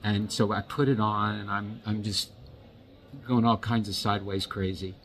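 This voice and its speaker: Gravelly-voiced man telling a story. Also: lowish voice, little pitch movement, a bit bright, a little hiss or hum, poor audio. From United States. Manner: rambling, halting, repeats words. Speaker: watch vlogger. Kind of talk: casual storytelling.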